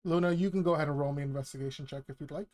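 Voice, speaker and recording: A man running a tabletop game as game master, describing the scene with frequent fillers and pauses. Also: a little high. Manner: relaxed, hesitant, many fillers.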